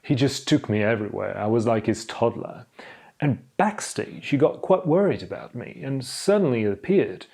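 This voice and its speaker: A man's voice: medium pitch, lively intonation, normal speed, vocal fry, darkish tone, husky. A man doing an impression of a famous film actor, telling a rambling, self-deprecating anecdote.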